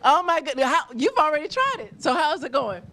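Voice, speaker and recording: High bubbly lady host gushing at diners in a restaurant, pitch all over the place. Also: sing-song, a little fast, bright, forceful tone. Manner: bubbly, gushing, laughs often. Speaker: on-location host interviewing diners. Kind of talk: upbeat casual interviewing. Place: busy restaurant.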